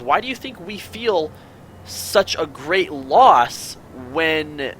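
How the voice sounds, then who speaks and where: A man's voice: a little high, expressive, extremely slow, fairly bright tone, a little hiss or hum, poor audio. A man hosting a casual panel chat, asking his guests questions and rambling through his own musings. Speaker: podcast host.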